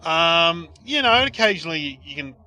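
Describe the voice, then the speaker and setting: Lively, bright-voiced Australian man. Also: on the high side, fairly quick. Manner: rambling, lively storytelling with many restarts. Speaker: comedian. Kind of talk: casual chat.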